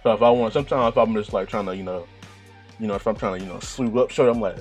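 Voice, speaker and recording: A man with a deep voice talking in a rambling, profane, laid-back monologue, often laughing at himself. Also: fast, a little mellow, soft background music. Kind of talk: casual monologue.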